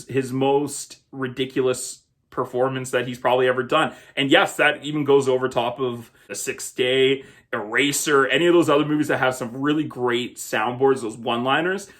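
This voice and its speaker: A man's voice: mid-range voice, fairly bright tone. A man hosting a film review show, talking casually and conversationally about a movie. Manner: chatty, conversational, laughs now and then.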